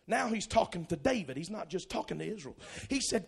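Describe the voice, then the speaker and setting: A preacher with a strikingly high, lively voice that climbs and falls through each line. He is gravelly and often breaks into shouting. Faint music plays under his live sermon in church. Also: brisk. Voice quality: gravelly, loud, swings from low asides to shouting.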